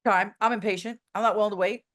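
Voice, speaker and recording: Blunt, animated woman telling stories. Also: mid-range voice, fast talker. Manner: blunt, animated storyteller with many "like" fillers. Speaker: interview guest. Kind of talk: casual interview chat.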